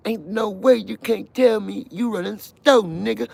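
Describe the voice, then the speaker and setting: A man voicing a brash, bossy male prison guard who yells at inmates. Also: creaky, exaggerated voice. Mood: shouting, scolding. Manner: loud, drawn-out, high put-on yelling.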